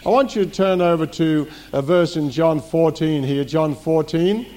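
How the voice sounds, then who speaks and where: Mellow high-voiced male preacher. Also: normal speed. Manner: repeats key phrases, asks the congregation rhetorical questions. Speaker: senior pastor. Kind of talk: teaching sermon. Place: church before a congregation.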